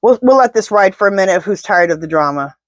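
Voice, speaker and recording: A woman's voice: mid-range voice, animated, fast talker, dry recording. A woman doing a casual tarot reading to camera, talking to her spirit guides and speaking bluntly and indignantly. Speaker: tarot reader.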